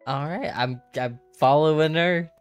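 A woman's voice: sits low, unhurried, clean tone, soft background music. A woman playing in a tabletop game, casual and reactive in her replies. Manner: casual, reactive, plain-spoken. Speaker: player. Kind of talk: tabletop game role-play.

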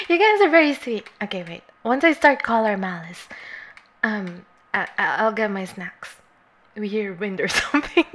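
A woman streamer chatting casually with her viewers, bubbly and giggly, greeting each one and sometimes dropping into a soft, coaxing near-whisper. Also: mid-range voice, animated, unhurried. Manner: bubbly, giggly and scatterbrained, greets chat warmly. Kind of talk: casual live-stream chat.

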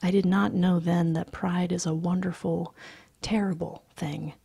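Husky, slow, soft-spoken woman reading. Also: lowish voice, flat delivery, no echo, studio quality. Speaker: story reader.

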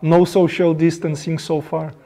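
High-voiced man asking short questions. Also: little pitch movement, normal speed, over a noisy crowd. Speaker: host. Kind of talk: casual video-call chat. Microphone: video call.

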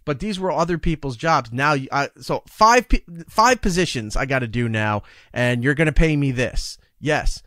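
A male radio broadcaster appearing as a podcast guest tells stories in casual conversation, acting out the dialogue with animated emphasis and exasperation over work demands. His mid-range voice moves at a moderate pace with few pauses, in a clean studio recording with no room sound.

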